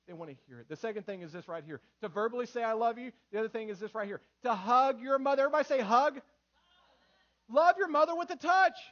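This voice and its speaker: A man in his thirties preaching a sermon in church, lively and full of acted quotes. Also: extremely high pitch, fast, muffled recording. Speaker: pastor.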